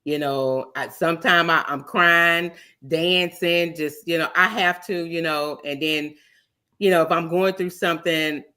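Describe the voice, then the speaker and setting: A woman's voice: fairly low pitch, fairly even intonation, a little slow, bright, forceful tone, smooth. A woman guest on a talk show, speaking candidly and loosely, laughing easily. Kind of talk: casual talk show discussion.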